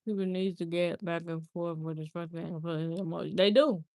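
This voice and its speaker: A woman's voice: lowish voice, fairly even intonation, a little fast, darkish tone. A woman hosting a casual livestream, talking earnestly and repeating herself. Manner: earnest, repetitive, heartfelt talk. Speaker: livestream host.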